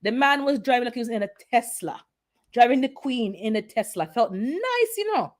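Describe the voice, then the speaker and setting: A woman with a Jamaican accent chatting casually on a livestream, telling stories in a lively, chatty way. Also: fairly high pitch, moderate pace. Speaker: gardening channel host.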